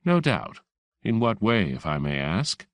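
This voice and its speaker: A man's voice: on the low side, sing-song, a little slow, dry recording, clean studio sound. A man voicing a tough, wisecracking woman receptionist in an audiobook, sarcastic and mock-sweet. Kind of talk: audiobook character voice.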